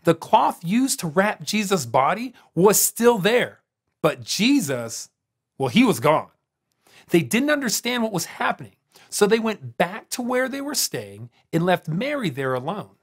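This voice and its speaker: A man tells a scripted Bible story for children with dramatic pauses. His pitch moves in lively ups and downs. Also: husky. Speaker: storyteller on a kids' show.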